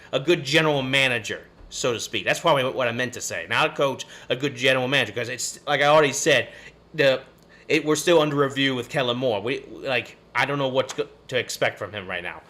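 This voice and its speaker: A man's voice: medium pitch, bright, forceful tone. A man, hosting a live sports stream and ranting in a frustrated, rambling way. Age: 30s. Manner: frustrated, rambling, cursing and sighing. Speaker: podcast host.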